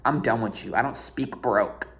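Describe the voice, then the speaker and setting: A snobbish, entitled rich girl, as a young man quotes her in his own mid-pitched voice. She drags out each dismissive word slowly, sounding above it all. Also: creaky, fairly bright tone, slight background noise. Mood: snooty. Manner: slow, dismissive drawl.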